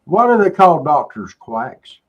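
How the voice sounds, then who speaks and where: A man's voice: fairly high pitch, big pitch swings, measured pace, dull audio. A man hosting a casual chat show, joking in a folksy, drawling way. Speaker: show host.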